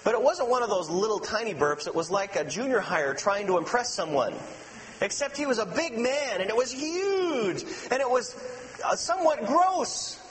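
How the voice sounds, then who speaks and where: A man with a high voice preaches a sermon as pastor, animated in his storytelling and sinking to a hushed, low tone to stress a point. His words ring out with a long reverb in a church sanctuary. A faint electrical hum sits beneath the recording. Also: moderate pace. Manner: animated storytelling, dropping to a soft low voice for emphasis. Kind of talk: sermon with personal stories.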